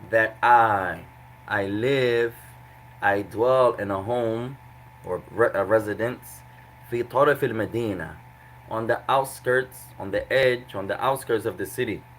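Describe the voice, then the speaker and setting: Male Arabic teacher, bright clear tone, patient, repeats translations, faint background hiss. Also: on the low side, a little slow, low-quality recording. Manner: breaks grammar into small steps. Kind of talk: classroom lesson.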